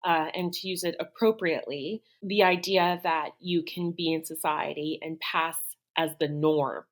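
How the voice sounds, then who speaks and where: A woman's voice: sits low, fairly even intonation, unhurried. A woman, a podcast co-host, explaining an idea thoughtfully, step by step, in casual chat.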